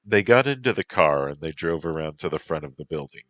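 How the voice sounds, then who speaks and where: Deep-voiced guy reading a story really slow, dry close sound. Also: lively intonation, fairly bright tone, no room sound. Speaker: narrator.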